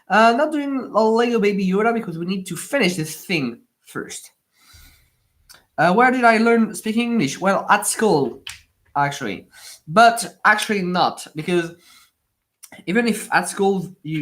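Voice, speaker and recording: A man's voice: fairly high pitch, lively intonation, normal speed, a bit bright. A young man, a native French speaker with a French accent, hosting a casual livestream and rambling with many fillers as he answers viewers. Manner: rambling, chatty, many fillers and repeated words. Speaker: livestream host building Lego.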